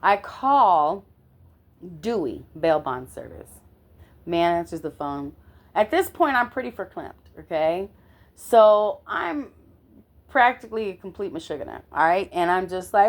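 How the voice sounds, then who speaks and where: A middle-aged woman telling a personal story in an animated way, often checking in with the listener. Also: fairly low pitch, measured pace. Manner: animated, constantly checks in with "okay?".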